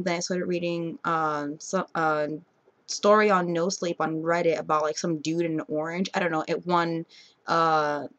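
Young New York woman, lowish voice, late-night vlog rant, heavy swearing, rambling. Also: dry recording. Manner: profane, fired-up ranting; sleepy, rambling and low-key. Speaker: vlogger. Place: bedroom at night.

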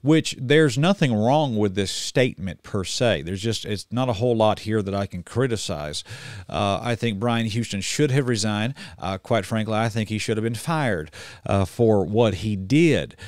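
A man's voice: on the low side, expressive, normal speed, dry recording, clean studio sound. A man giving casual, blunt commentary in a folksy way, full of restarts and fillers. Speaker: online preacher and commentator. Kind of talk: casual commentary reading news aloud.

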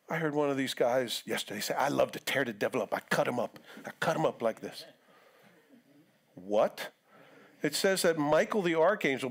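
Brief: male pastor, mid-pitched voice, casual sermon delivery with acted asides, live church service. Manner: conversational preaching with acted-out quotes. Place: church sanctuary.

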